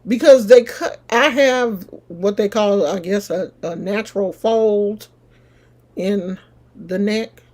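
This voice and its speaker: A middle-aged woman, casually telling a personal story straight to her viewers in an animated, chatty way. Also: medium pitch, takes it slowly. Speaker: vlogger.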